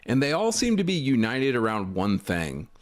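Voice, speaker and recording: Lively male commentator in a played clip. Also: mid-range voice, normal speed. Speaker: online commentator.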